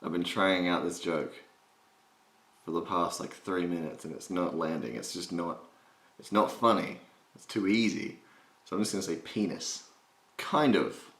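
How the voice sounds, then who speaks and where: A man's voice: deep voice, moderate pace, long pauses, a bit bright. A man hosting a voice impression tutorial, rambling and self-mocking in a casual, joking way. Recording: roomy echo.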